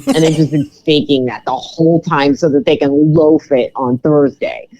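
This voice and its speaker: A woman with a low-pitched speaking voice, co-hosting a sports podcast. She jokes dryly and sarcastically. Her delivery is loose and filler-heavy in an easy conversational flow. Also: fairly even intonation, moderate pace, mellow, rough recording. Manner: joking, sarcastic, many fillers. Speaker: podcast co-host. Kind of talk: casual chat.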